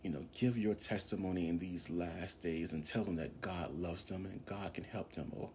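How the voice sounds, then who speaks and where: Deep-voiced man praying fervently. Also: fairly even intonation, moderate pace, a little hiss or hum. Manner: impassioned, drops into whispers, repeats phrases. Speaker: preacher. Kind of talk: fervent spoken prayer and exhortation.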